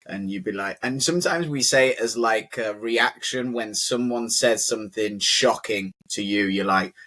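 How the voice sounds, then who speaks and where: A man's voice: fairly low pitch, moderate pace, bright, forceful tone. A British man teaching English in a casual conversational lesson, chatty and full of "like" fillers.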